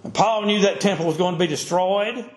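A man's voice: high voice, a little fast, echoey room. A man preaching a sermon to his congregation, with an emphatic, repetitive preaching cadence.

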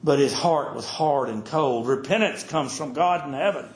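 A man preaching a sermon with fervent delivery, his voice swinging widely between high and low and between loud and soft. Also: normal speed, reverberant.

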